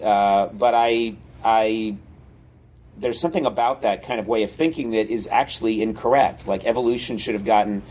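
A man being interviewed as a guest, rambling and animated, often laughing as he tells stories. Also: lowish voice, normal speed. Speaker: guest, comedy writer. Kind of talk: casual interview storytelling.

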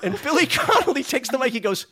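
This middle-aged Rhode Island man is a podcast guest, telling stories in casual chat. His voice is very high-pitched, sharp, and very animated, moving at a quick pace as he acts out the people in his tales and laughs often.

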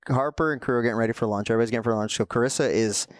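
A man's voice: mid-range voice, racing, no echo. Male co-host recounting a story with energy; plain mid voice, dry mic. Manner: animated storyteller, laughs. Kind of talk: casual podcast chat.

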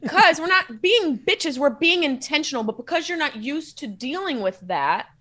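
A woman's voice: high voice, expressive, normal speed, sharp tone. A woman comedian guesting on a podcast, chatting casually with brash, profane humor and easy laughter.

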